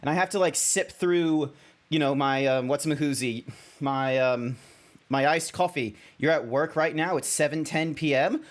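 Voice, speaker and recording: A man's voice: fairly high pitch, normal speed. A young Australian man streaming as a VTuber, chatting casually and rambling with many restarts. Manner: rambling, self-correcting, chatty.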